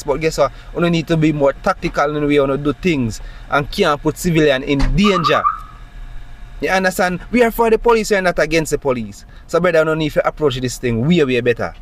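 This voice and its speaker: A man with a Jamaican accent recounts being stopped by police in an impassioned, agitated monologue packed with emphatic rhetorical questions. His voice is a little high and he talks fast.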